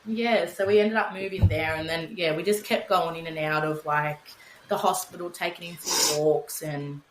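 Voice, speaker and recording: A young Australian woman with a slightly low voice talks candidly as a podcast guest, swearing freely and replaying her own words as she goes. Her voice sits in a roomy, echoing space with a faint hum of ambience behind it. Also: fairly even intonation, normal speed. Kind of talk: candid conversational storytelling.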